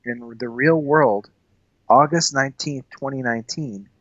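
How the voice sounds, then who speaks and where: A man's voice: medium pitch, measured pace, a bit bright, no room sound, muffled recording. A man co-hosting a casual film discussion, talking earnestly with many fillers and restarts. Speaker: podcast co-host.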